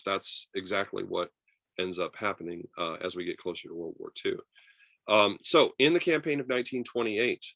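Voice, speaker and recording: A man teaching a history class over a video call, lively and chatty, acting out quotes with many fillers. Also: deep voice, dry recording. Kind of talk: online class lecture.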